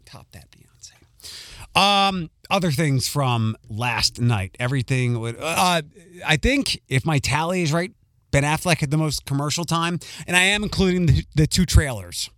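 A man's voice: on the high side, animated, a little slow, fairly bright tone, dry recording, clean studio sound. A male radio host with a light Philadelphia accent, rambling through a casual monologue with plenty of ums and restarts. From Philadelphia area.

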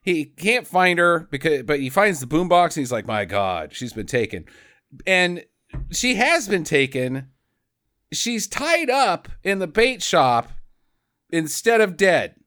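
A man casually recapping a movie with a co-host, animated, swearing and mock-quoting the characters. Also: high voice, a little slow. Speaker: podcast co-host.

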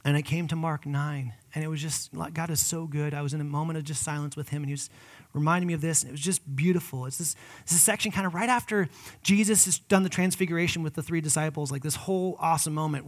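High-voiced earnest man preaching. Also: fairly even intonation, fast. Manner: earnest and conversational, swinging from loud emphatic peaks to hushed whispers; personal, addresses listeners as guys. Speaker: pastor. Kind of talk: sermon.

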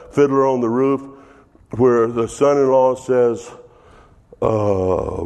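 A man's voice: mid-range voice, mellow, big-room sound. An older man preaching as a pastor, laughing often and dropping to a whisper in prayer. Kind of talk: sermon.

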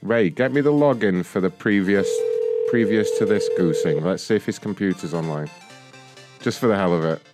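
Deep-voiced mocking prank caller man. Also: normal speed, over loud music. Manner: mocking, profane, laughs often. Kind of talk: prank phone call.

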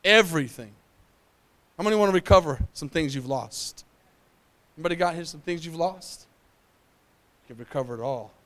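A man preaching a sermon as a pastor, building to loud, fervent passages and calling out to the congregation. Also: a little high, expressive, normal speed, pauses often.

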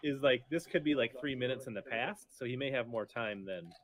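A man commenting casually and excitedly while watching a fishing weigh-in. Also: medium pitch, fairly quick.

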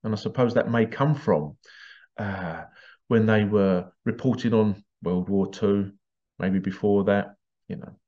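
A man's voice: fairly low pitch, a little slow, warm tone, lo-fi sound. A man hosting a podcast in a casual, rambling monologue, digressing often and dropping in playful vocal sound effects. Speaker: podcast host.

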